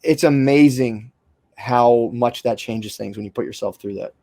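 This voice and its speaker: A man's voice: mid-range voice, unhurried, mellow, no echo, studio quality. A young man in casual podcast conversation, rambling with restarts and fillers and swearing freely. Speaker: podcast host.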